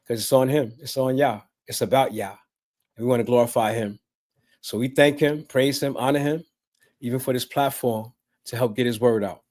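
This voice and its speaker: A man with a mid-range voice gives closing remarks in the cadence of a prayer. He calls on the Most High in steady, invoking lines. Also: moderate pace. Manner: prayerful, invocational. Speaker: guest.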